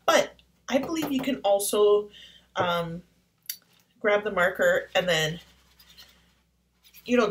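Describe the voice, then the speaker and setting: A woman vlogging an art-supply unboxing, gushing and excitable, often dropping into whispers. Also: medium pitch, low-quality recording. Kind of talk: casual unboxing vlog. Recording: faint background noise.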